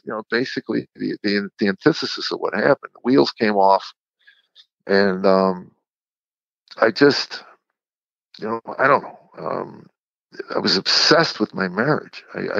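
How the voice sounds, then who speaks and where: A man, a comedian guest on an interview podcast, candidly telling a personal story in a halting, earnest way and acting out the quotes. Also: medium pitch, gravelly, fairly bright tone, no echo, lo-fi sound. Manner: earnest, halting retelling with repeated words and acted-out quotes.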